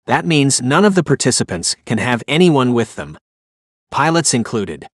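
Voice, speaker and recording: A genial, businesslike host of a secluded retreat, as a male narrator reads him. His mid-pitched voice comes across smooth and brisk. The audiobook sound is dry and close. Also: sing-song, no echo.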